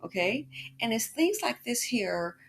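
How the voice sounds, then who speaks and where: A woman hosting a reaction commentary, expressive and repeating words as she reacts. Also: on the high side, a little slow, creaky. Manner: expressive, swoops into mock voices, repeats words. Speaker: commentary channel host.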